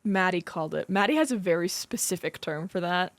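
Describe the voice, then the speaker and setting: A woman's voice: lowish voice, animated, brisk, dry recording. A young woman co-hosting a podcast in a casual, chatty way, using lots of fillers. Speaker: podcast co-host. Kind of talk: casual chat.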